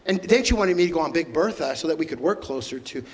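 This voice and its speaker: A middle-aged man telling emotional stories as a guest onstage, halting and stumbling over repeated words. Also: on the high side, expressive, low-quality recording. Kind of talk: emotional storytelling conversation.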